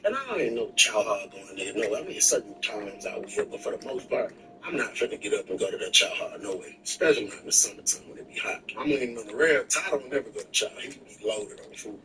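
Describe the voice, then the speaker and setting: A man streaming live, telling a story in a casual, animated, slangy way with plenty of swearing. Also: lowish voice, fast talker, far from the mic, background noise. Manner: animated, slangy retelling with profanity. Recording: voice from off the mic with music behind.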